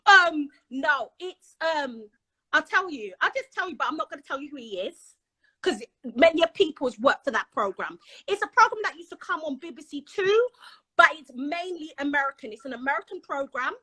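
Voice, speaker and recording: A woman's voice: high-pitched, expressive, moderate pace, sharp tone, poor audio. A British woman telling a personal story in casual chat, acting out the dialogue as she goes. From Britain. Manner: chatty, dramatic, acts out quoted dialogue. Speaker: guest.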